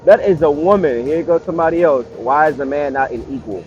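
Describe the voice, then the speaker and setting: A man's voice: a little high, a little fast, darkish tone, dull audio, faint music behind. A man giving casual reaction commentary, blunt and sarcastic, talking back at the clips he plays.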